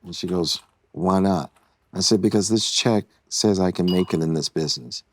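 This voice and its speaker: A man in his sixties, a podcast guest, telling an animated story and acting out the quotes. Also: deep voice, moderate pace, slight background noise. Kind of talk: casual storytelling.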